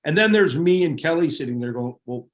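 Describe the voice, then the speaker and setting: A middle-aged man, a former hockey goalie, telling lively locker-room stories as a guest. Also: a little high, brisk. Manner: animated, laughing anecdotes. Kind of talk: casual storytelling.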